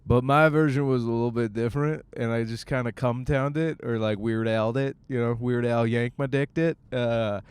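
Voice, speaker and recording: Young comic guy from michigan riffing solo, smooth clear voice, dry close sound. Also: mid-range voice, fairly even intonation, moderate pace, few pauses, a little mellow, dry recording. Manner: jokey, riffing, acts out bits. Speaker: podcast host, stand-up comic. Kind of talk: casual rambling monologue. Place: car on the way to the gym.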